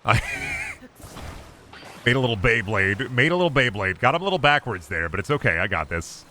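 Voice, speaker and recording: A young adult man streaming a game, joking and swearing, with sudden loud bursts. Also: medium pitch, normal speed, slight background noise. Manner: lively, swearing, jokey, shouts in bursts. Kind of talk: gameplay commentary.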